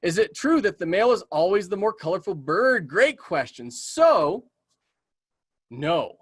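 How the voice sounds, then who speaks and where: A community naturalist leads a casual webinar, answering audience questions with enthusiastic, chatty talk full of ums and okays. His high-pitched, husky voice is very animated but a little slow, and it's getting tired. The studio-quality recording has no echo.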